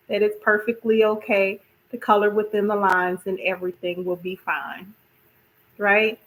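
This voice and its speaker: A woman hosting a casual wellness talk, chatty and expressive, often repeating herself and asking "right?". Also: mid-range voice, low-quality recording. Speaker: podcast host.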